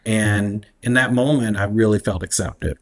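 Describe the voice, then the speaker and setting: Guy in his 40s, fairly low voice, easygoing and thoughtful, laughs a lot. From Alabama, US. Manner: reflective, unhurried, laughs easily. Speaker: guest, activist. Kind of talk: casual interview conversation.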